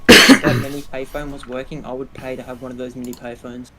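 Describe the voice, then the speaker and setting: Aussie guy from adelaide, talks fast, bright edgy voice, rambly stories. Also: mid-range voice, level tone. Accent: Australian. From Adelaide, South Australia. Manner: rambling, casual storytelling. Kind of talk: casual chat.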